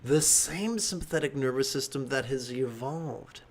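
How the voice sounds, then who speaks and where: Man giving an animated dharma talk. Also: mid-range voice, a little slow. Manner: animated, joking asides. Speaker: meditation teacher.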